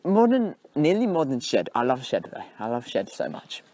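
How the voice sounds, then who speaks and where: A man's voice: medium pitch, huge pitch swings, normal speed, mellow, slight background noise. A man playing a boastful, wealthy young South African man with a mock accent in a comedy skit, ending his lines with "man". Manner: bragging, ends sentences with "man".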